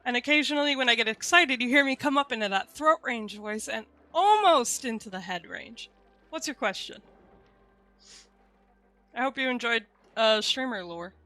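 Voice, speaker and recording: A woman's voice: fairly high pitch, expressive, a little fast, few pauses, bright, forceful tone. A young woman streaming live, chatting candidly with viewers and swearing casually as she explains things.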